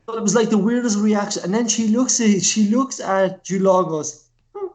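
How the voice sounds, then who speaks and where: A man trades takes on a casual film podcast. His voice sits fairly high. He swears freely and acts out his own reactions to each scene. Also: moderate pace, darkish tone. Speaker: podcast co-host. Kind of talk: casual film review chat.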